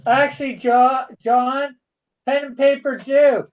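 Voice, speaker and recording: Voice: high-pitched, steady tone, slow pace, muffled recording. A speaker in casual livestream chat, bantering and teasing the artist.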